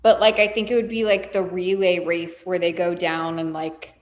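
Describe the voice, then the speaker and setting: A woman co-hosts a casual watch-along podcast in a voice that sits fairly low for a woman. She talks tentatively, padding her sentences with small fillers. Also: flat delivery, normal speed. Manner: hesitant, many "like" fillers. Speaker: podcast co-host.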